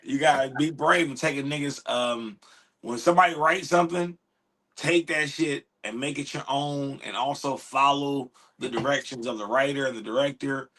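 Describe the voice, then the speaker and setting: A man hosting a casual podcast, animated and slangy, swearing freely. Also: medium pitch, normal speed. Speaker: podcast host.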